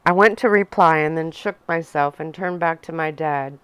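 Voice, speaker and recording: A woman narrating a novel in a soft-spoken ASMR reading style. Her voice is fairly low and smooth. The sound is close and dry, with no room echo. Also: moderate pace, hardly any pauses. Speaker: audiobook reader.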